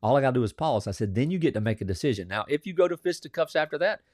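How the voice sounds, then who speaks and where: A man's voice: medium pitch, expressive, very fast, a little mellow, no room sound, studio quality. A man talking as a coaching guest on a podcast, explaining earnestly and telling stories. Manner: earnest, storytelling, stresses key phrases. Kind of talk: casual interview talk.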